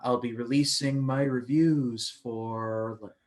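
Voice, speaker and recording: A man's voice: mid-range voice, steady tone, slow. A man co-hosting a film review podcast, chatting casually and stumbling through restarts as he retells scenes.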